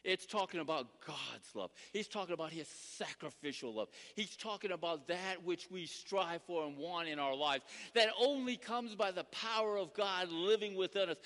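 A male pastor preaching a sermon, dramatic, swinging from loud emphasis to hushed asides and acting out little scenes. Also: high voice, normal speed, few pauses. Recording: long hall reverb.

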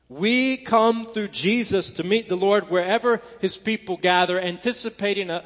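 A man preaching in a church, his fairly high voice carrying a long echo through the hall. The sound is a little dull, and he delivers his sermon earnestly, building to emphatic peaks. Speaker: pastor.

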